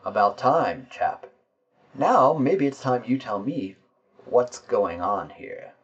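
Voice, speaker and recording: A man's voice: mid-range voice, sing-song, takes it slowly, breathy edge, highs cut off, full character voice. Man voicing a chummy cane-carrying investigator. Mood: coaxing. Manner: coaxing, chummy, calls others chap.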